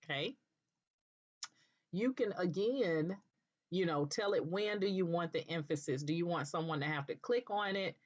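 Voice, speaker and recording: A woman presenting a screen-recorded software tutorial, explaining patiently step by step and checking in with "okay", with an occasional cough. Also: lowish voice, normal speed. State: coughing now and then. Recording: dull lo-fi recording.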